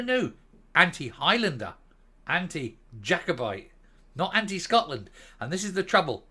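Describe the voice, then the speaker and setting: A man's voice: fairly high pitch, bright, forceful tone. A Northern Irish man hosting his own channel, giving blunt, sarcastic opinion commentary with mild swearing. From Northern Ireland. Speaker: host of a political commentary channel.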